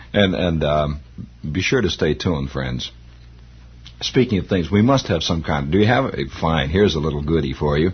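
Raspy man telling radio stories. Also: a bass voice, expressive, measured pace, long pauses. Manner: rambling, chuckling as he talks. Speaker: radio host. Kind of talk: nostalgic storytelling. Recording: lo-fi old radio recording.

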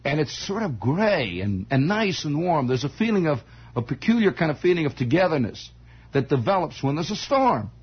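Male radio storyteller, fairly high voice, digressive and chuckling, on a dull old broadcast recording. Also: big pitch swings, normal speed, breathy edge. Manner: digressive, chuckling, folksy, with many restarts. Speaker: radio host. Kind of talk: rambling radio storytelling monologue.

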